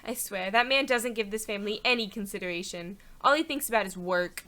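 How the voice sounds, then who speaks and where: A woman's voice: medium pitch, moderate pace, sharp tone, pitched below the performer's own voice, natural voice. A woman reading aloud the lines of a weary, worried mother in a horror game.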